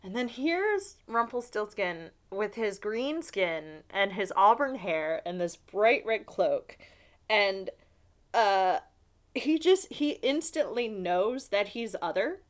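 A woman's voice: mid-range voice, lively intonation, takes it slowly. A woman co-hosting a podcast in casual chat, chatty, laughing often and acting out quotes. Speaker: podcast co-host.

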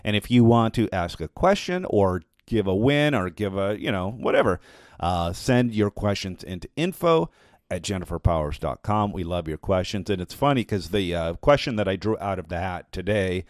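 A man's voice: low-pitched, very animated, normal speed, dry recording, clean studio sound. A man co-hosting a podcast in casual chat, rambling and breaking off mid-thought, joking often. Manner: rambling, self-interrupting, jokey. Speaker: podcast co-host.

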